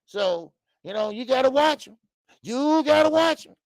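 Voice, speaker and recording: A man hosting a boxing live stream, reading viewer comments and ranting in an animated way, with many stammered fillers. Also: extremely high pitch, moderate pace, creaky, no echo. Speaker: boxing channel host.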